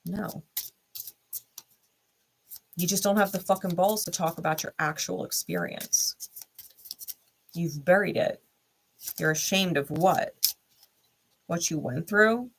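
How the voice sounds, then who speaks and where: A woman's voice: fairly low pitch, slow pace, vocal fry, long pauses, a little hiss or hum. A woman speaking bluntly in a candid vlog monologue, swearing often and repeating short heated lines straight to the listener. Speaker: tarot reader and channel host.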